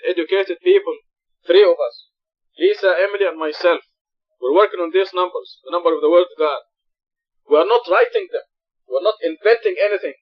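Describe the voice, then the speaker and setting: Man, scripture study lesson, earnest and emphatic, high voice, dull lo-fi recording. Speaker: religious study teacher. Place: mosque.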